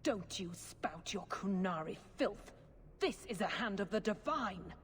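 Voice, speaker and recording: A woman's voice: medium pitch, lively intonation, a little slow, natural voice. A woman playing a fanatical, fervent priestess. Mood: zealous. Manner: fervent, accusing, sermon-like. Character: fanatical middle-aged woman priest, zealous schemer. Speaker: priestess character. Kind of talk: video game voice acting. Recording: long reverb with faint noise.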